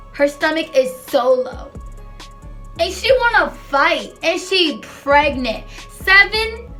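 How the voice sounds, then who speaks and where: A woman's voice: high voice, fairly bright tone. A young woman telling a storytime in casual chat, rambling and sassy, swearing freely.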